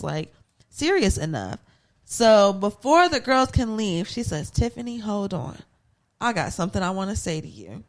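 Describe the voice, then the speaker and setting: A woman, telling the story of a reality show episode to her co-hosts. She talks in a loose, chatty way, slips into playful voices for the people she quotes, and keeps the story moving with asides. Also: medium pitch. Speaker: podcast co-host. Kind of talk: casual recap storytelling.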